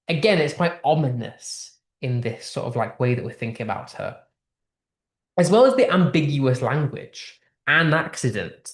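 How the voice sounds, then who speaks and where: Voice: mid-range voice, a little mellow. A tutor with a British accent explaining a text in a lesson, posing strings of rhetorical questions and thinking aloud with restarts. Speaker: English literature tutor. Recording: roomy echo.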